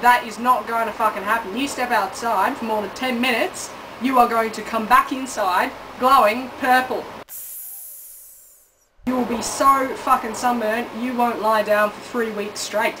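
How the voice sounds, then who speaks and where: An Australian woman rants in a sarcastic, profanity-laced comic monologue, often taking back what she has just said. Her voice sits a little high and comes from some way off the mic, with clear background noise. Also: fairly even intonation, unhurried, distant mic. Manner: sweary, sarcastic, self-correcting ranting. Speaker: comic vlogger.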